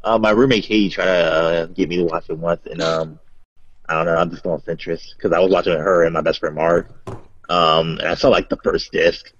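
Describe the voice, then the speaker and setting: Husky low-voiced young man, wry. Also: fairly even intonation, fairly quick, dull audio. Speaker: podcast co-host. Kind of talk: casual chat.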